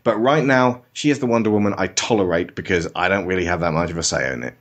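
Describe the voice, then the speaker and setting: A man's voice: low voice, fast talker. A man hosting a podcast, giving a casual, sarcastic spoken film review and slipping into mock voices.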